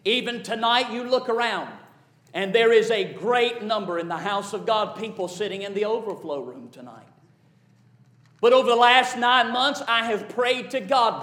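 A man preaches in a strikingly high voice, building impassioned, rhythmic runs of repeated phrases. His sermon rings through a reverberant church sanctuary. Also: expressive, moderate pace, a bit bright. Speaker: pastor.

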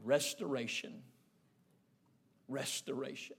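A man's voice: high voice, normal speed. A man voicing a tearful, determined old man talking about his long-lost car. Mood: tender. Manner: hushed, emotional, determined.

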